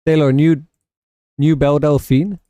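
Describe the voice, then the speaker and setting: A South African man talks his way through a livestream, wandering from topic to topic and answering chat as it comes in. His voice sits a little high with a mellow, warm tone. The sound is dry and close, with no room around it. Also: little pitch movement, a little slow, dry recording. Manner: rambling, chatty, reads and answers chat. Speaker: livestream host and gamer.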